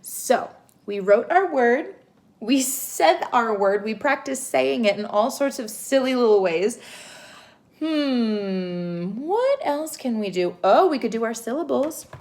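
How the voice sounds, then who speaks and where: A young woman giving a home literacy lesson to young children, sounding out words slowly and gently. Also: on the high side, lively intonation. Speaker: teacher.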